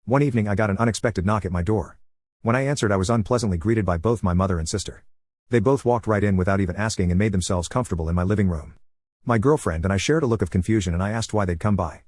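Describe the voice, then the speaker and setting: A man reading a first-person online story aloud in a brisk, even storytelling manner, close to the mic in a dry booth. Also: lowish voice, no echo.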